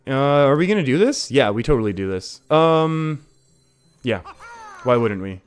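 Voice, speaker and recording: A man's voice: mid-range voice, expressive, normal speed, clear, resonant tone, soft background music. A young Canadian man with an English Canadian accent, casually commentating a card game and reading viewer comments, laughing often. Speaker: streamer.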